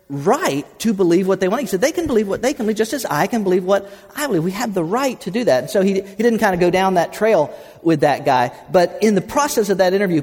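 High-voiced pastor preaching. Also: male voice, a little mellow. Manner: folksy storytelling, calls congregation to respond. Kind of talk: sermon. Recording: reverberant sanctuary.

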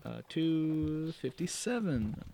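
A man's voice: fairly high pitch, expressive, takes it slowly, gravelly, warm tone, slight background noise. A man reading a gamebook aloud and musing over his choices, with self-deprecating asides. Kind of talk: casual reading and commentary.

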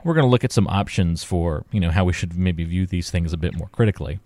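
A man co-hosting a talk show about finances, telling stories in a relaxed way with fillers and laughs. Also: low-pitched, fast, dry recording. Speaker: podcast co-host. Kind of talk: casual chat.

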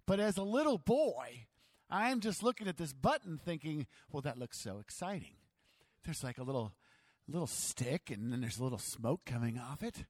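High-voiced animated male preacher. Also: normal speed, breathy edge, dry recording. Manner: animated, self-mocking, dramatic storytelling. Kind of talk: storytelling sermon to a church audience.

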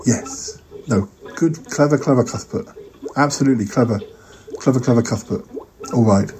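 Man, podcast host, hesitant, stammering, mid-pitched, faint hiss. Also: moderate pace, pauses often, a little mellow, rough recording. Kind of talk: comic skit chat.

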